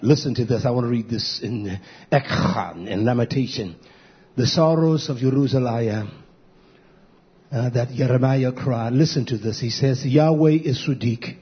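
A man preaching a fiery sermon on a live stream, chanting drawn-out cries and swinging between shouts and low murmurs. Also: slightly rough, lo-fi sound.

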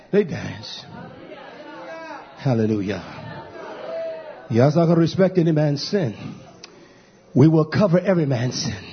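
In a muffled recording, a husky-voiced man delivers a fiery live-streamed sermon. He chants long, drawn-out cries and alternates between shouting and murmuring low.

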